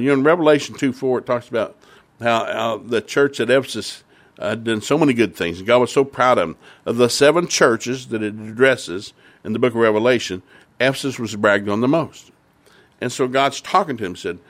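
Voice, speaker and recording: A man preaches a sermon, retelling a Bible story and then driving home its lesson with earnest, repeated emphasis that rises to fervor. His voice is mid-range with lively intonation, at normal speed.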